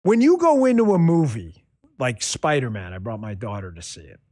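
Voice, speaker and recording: A man hosting a political commentary show, talking in an animated, sarcastic monologue. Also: mid-range voice, normal speed. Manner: animated, sarcastic, mocking impressions. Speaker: host.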